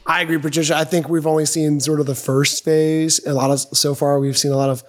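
A man hosting a political radio show, talking in a relaxed, chatty way. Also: a little high, a little fast. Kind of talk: casual radio talk.

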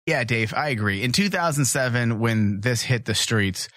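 A man's voice: mid-range voice, lively intonation, normal speed, a bit bright, no room sound, studio quality. A man co-hosting a podcast, chatting crudely and ranting in a brash, joking way. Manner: brash, joking, mock-macho rants. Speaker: podcast co-host. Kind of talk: crude comedic podcast chat.

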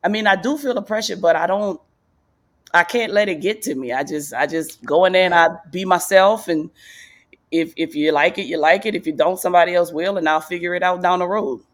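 A woman comedian being interviewed in a casual podcast chat, loose and rambling, leaping into high excited voices when she quotes people. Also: fairly quick. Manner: loose, rambling delivery with restarts. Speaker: guest comedian.

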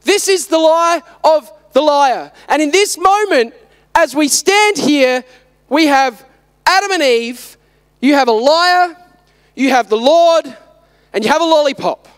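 High-voiced man preaching with emphatic questions. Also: expressive, a little slow, a bit bright. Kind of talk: sermon.

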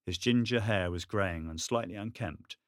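A man narrating an audiobook in a steady, measured storytelling manner. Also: fairly low pitch, no echo, studio quality. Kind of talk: scripted narration.

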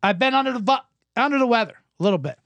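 A man's voice: very high voice, lively intonation, racing, gravelly, a bit bright, no room sound. Man, comedian host, rambling, swearing, self-deprecating, getting over a cough, dry close mic. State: recovering from a cough. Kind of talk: comedic casual monologue. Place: indoors, Los Angeles.

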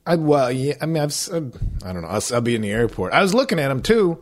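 Male podcast co-host, casual, rambling, swears a lot, lively swooping pitch, acts out quotes. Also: fast. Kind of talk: casual chat.

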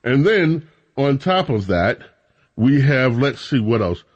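A man hosting a weekend talk radio show, chatting casually and rambling with drawn-out emphasis into a studio microphone. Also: medium pitch, big pitch swings, muffled recording.

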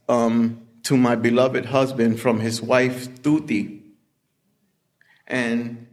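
A man slowly recounting a personal story in a casual, conversational way, with many "you know" asides. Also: mid-range voice. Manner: slow, conversational, full of "you know" fillers. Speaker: storyteller in recovery.

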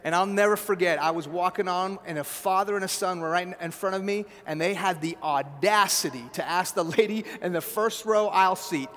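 A man's voice: high voice, brisk, few pauses, a bit bright, big-room sound. A man preaching a sermon in a conversational way, often checking in with the listeners. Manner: conversational preaching with asides like "right?" and "okay?".

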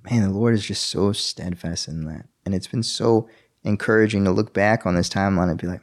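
Young guy with a lowish voice telling his faith story, earnest, lots of um and like. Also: brisk. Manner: earnest, many fillers and restarts. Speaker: interviewee. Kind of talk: personal faith testimony.

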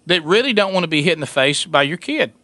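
A man in a casual chat, telling a family story with lots of laughter and squeaky impressions of a toddler. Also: fast, dry recording. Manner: animated storyteller, high squeaky voices for a toddler, laughs often.

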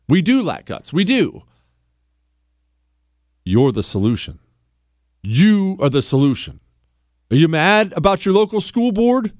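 Animated, high-pitched talk radio man. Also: no echo, clean studio sound. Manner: emphatic, repeats lines for punch, blunt. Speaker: radio talk show host. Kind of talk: opinionated talk radio monologue.

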